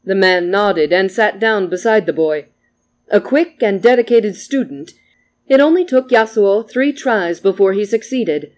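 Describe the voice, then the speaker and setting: A reader narrating a story with an even, gentle delivery. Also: medium pitch, measured pace.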